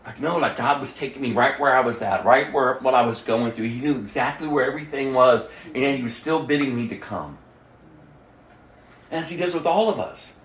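A man delivering a sermon as a pastor, telling an emotional personal story and often dropping his voice to a hushed near-whisper. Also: mid-range voice, a little fast, reverberant.

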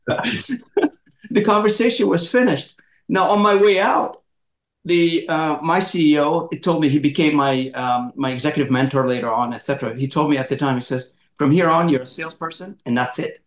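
Animated storytelling man, echoey room. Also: on the high side, fairly quick. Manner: animated, laughing storyteller who acts out quotes. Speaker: podcast host, moderator. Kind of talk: casual storytelling in conversation.

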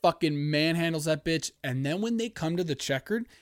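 Excitable profane man, slightly high voice. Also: moderate pace, no echo, clean studio sound. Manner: profane, excitable storytelling with sudden loud outbursts. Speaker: podcast host. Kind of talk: casual podcast race recap.

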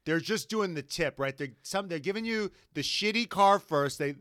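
A young man co-hosting a casual comedy podcast, his voice bright and crisp and pitched a bit high. He jokes in mock voices and stumbles through restarts. The sound is dry and close. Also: animated, moderate pace, no echo. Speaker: podcast co-host.

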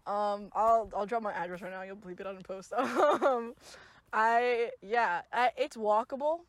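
A young Los Angeles woman co-hosts a podcast, her mid-range voice unhurried and free of echo. She chats casually in a rambling, jokey way, swearing throughout.

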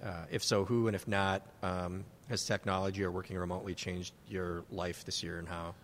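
A man's voice: low voice, little pitch movement, moderate pace, slight background noise. A man co-hosting a casual wine-tasting chat, easygoing, explaining wines and reading out questions. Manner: easygoing, plugs and explains, likes puns. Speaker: podcast co-host. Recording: long reverb.

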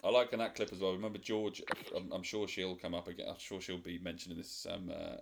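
A man's voice: low-pitched, level tone, creaky, noisy background. A man hosting a casual podcast chat, laughing and bantering with his guests. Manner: laughing, swearing, quick banter. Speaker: podcast host.

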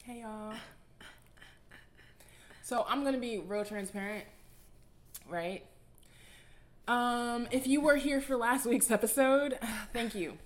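A woman co-hosting a podcast in relaxed, candid casual chat with casual swearing. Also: on the high side, slow pace, long pauses, faint music behind. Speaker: podcast co-host.

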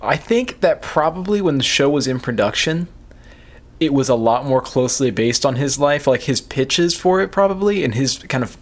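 A man's voice: mid-range voice, expressive, normal speed. A man co-hosting a casual podcast, making wry points and laughing at his own jokes. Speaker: podcast co-host.

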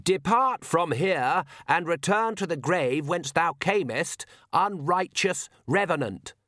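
A man's voice: a little high, expressive, takes it slowly, a bit bright, no echo, clean studio sound, pitched above the performer's own voice. A man reading an audiobook, voicing a nervous, earnest young male priest who stumbles over his words with a raised voice. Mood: flustered.

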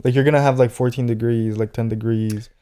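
Young male podcast co-host, warm and smooth, loose slangy delivery. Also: medium pitch, fairly even intonation, a little fast. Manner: loose, slangy, rambling with fillers. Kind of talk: casual chat.

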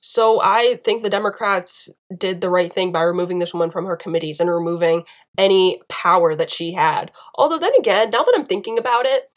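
A woman's voice: lowish voice, a little fast. A woman from the United States delivering a passionate political opinion monologue, emphatic and piling up repeated phrases. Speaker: political commentator.

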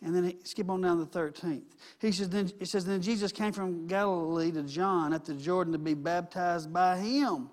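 A man preaching a sermon in a conversational way that swells to emphatic at high points. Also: moderate pace, hardly any pauses.

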